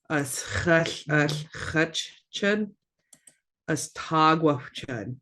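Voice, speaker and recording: A language teacher giving a casual online lesson, repeating each word slowly and carefully and dropping in relaxed asides between examples. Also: medium pitch. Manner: slow, careful repetition of words with casual asides.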